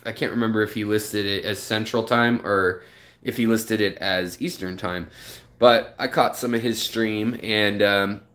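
A man's voice: fairly low pitch, bright, forceful tone. A man casually hosting an aquarium live stream, rambling, telling stories and greeting viewers by name.

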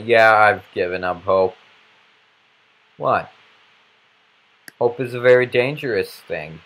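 A man's voice: on the low side, takes it slowly, pauses often, a bit bright. A man giving goofy, rambling commentary while playing a video game, breaking into random outbursts. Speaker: let's play commentator.

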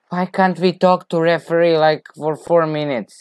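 A man talking over his football management game, reacting to each chance and shouting player names when his team scores. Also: a little high, fairly even intonation, normal speed, clear, resonant tone. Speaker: gaming video creator.

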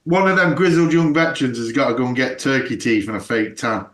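A man co-hosting a podcast, chatting casually with a relaxed, laid-back delivery, laughing often and trailing off into fillers. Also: medium pitch, fairly quick, echoey room. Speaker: podcast co-host. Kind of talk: casual chat.

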